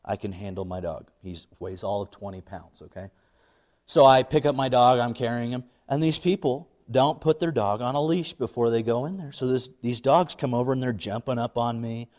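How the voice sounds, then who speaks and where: A young man, a pastor, preaching a sermon and telling a lively personal story. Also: mid-range voice, normal speed. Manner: animated storytelling, rising when excited.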